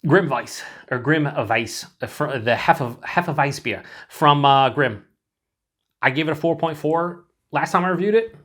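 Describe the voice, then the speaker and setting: A man's voice: medium pitch, fairly bright tone. A man from the United States giving a rambling, enthusiastic, unscripted beer review, swearing freely and filling his talk with likes and uhs.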